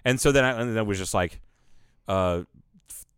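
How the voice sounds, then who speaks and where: Smooth-voiced man telling stories. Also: lowish voice, fairly quick, fairly bright tone, no echo, clean studio sound. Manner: storytelling with quoted voices, swears often. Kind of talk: casual profane chat.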